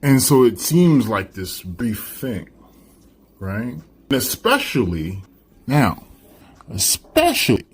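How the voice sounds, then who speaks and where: A man's voice: medium pitch, very animated, takes it slowly, husky. A male teacher giving a casual classroom literature lecture, talking things through and checking in with "right?" after nearly every point. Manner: conversational, keeps asking "right?".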